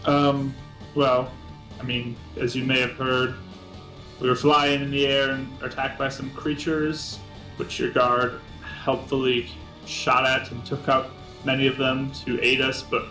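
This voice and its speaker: A man's voice: medium pitch, fairly bright tone. A male player speaks politely and a bit hesitantly in character. The room sounds roomy, and there is faint music in the background. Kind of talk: playing a tabletop game in character.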